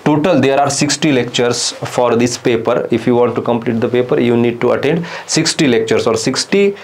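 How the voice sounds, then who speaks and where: A man, explaining a university course syllabus as a lecturer, halting often with fillers and restarts. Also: mid-range voice. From India.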